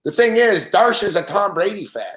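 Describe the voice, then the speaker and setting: A man's voice: high voice, lively intonation, normal speed, a bit bright, echoey room. A man hosting a sports betting show live, ranting in a casual, profane, rambling way and laughing often. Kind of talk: casual live-stream rant.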